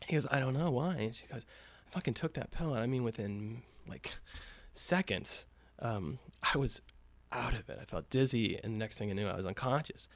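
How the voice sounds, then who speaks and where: A man's voice: medium pitch, normal speed, few pauses, no echo. A man telling a story casually, with loose profane talk and many fillers, acting out the quoted lines lightly.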